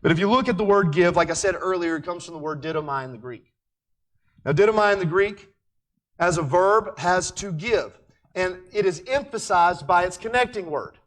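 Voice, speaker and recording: Emphatic high-voiced male Bible teacher. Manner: emphatic, swinging between loud declarations and quiet asides; slows down to stress key words.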